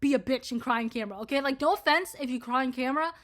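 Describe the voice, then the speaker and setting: High, bright-voiced young woman ranting. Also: rapid-fire. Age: 20s. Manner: profane, rambling, heavy filler words. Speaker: vlogger. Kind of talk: casual ranting commentary to camera.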